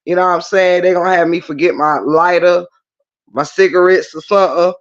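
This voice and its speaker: Man, high voice, muffled stream audio, animated preachy livestream host. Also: fairly quick. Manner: animated preachy talk, addresses viewers directly. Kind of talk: casual livestream chat.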